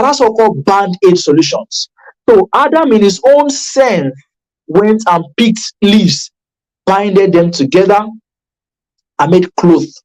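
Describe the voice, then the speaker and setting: A man coaching addiction recovery in a motivational online class. He talks emphatically and repeats himself, often restarting sentences and checking in with listeners. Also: poor audio. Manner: emphatic and repetitive, with sharp pitch jumps for stress; conversational, with frequent restarts and check-ins.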